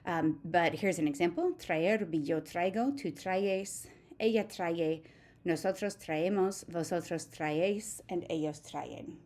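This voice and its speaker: In an unhurried recorded grammar lesson, a woman who teaches Spanish recites verb forms one after another. Her voice is lowish and mellow, and she's steady, methodical and patient.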